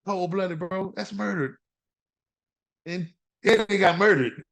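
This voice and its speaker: Animated trash-talking man hosting a podcast. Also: high voice, takes it slowly, vocal fry. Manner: animated, trash-talking, repeats words for emphasis. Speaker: fantasy football podcast host. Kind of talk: casual sports podcast talk.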